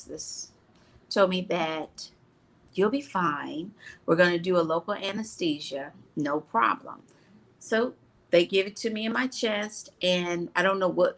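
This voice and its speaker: A woman's voice: fairly low pitch, fairly bright tone. A woman co-hosting a talk show, telling a personal story in an earnest, emotional way. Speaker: co-host. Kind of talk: casual talk show chat.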